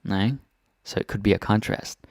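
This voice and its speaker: Casting: male language tutor, low gravelly voice, laid-back and chatty, dry close sound. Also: moderate pace, no room sound. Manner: relaxed, chatty, keeps asking "right?". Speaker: Danish language teacher. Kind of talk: casual grammar lesson.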